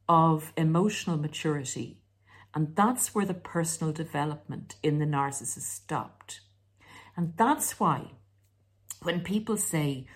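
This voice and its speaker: Unhurried and slightly rough, this woman's low voice delivers casual relationship advice as a self-help video host. At times she turns sarcastic, mimicking quoted voices mockingly.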